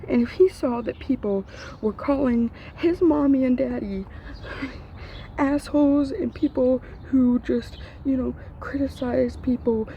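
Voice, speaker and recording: A woman's voice: sits high, unhurried, muffled recording, a little hiss or hum. A young woman ranting to camera, upset and grieving, her voice breaking and dropping to whispers. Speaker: vlogger. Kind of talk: emotional rant to camera.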